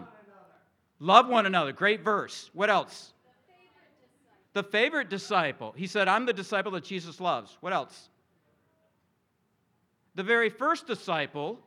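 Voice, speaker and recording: A middle-aged man preaches to his congregation in a bright, ringing voice that sits a little high for a man. He is animated and keeps drawing the listeners in with questions. The delivery is plainly a sermon. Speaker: pastor. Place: church sanctuary with congregation.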